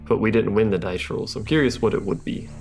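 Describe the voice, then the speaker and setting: Speaking fast in a creaky, lowish voice against a noisy background, a let's play host comments wryly on his gameplay. He reads the game's text out loud in between his casual remarks.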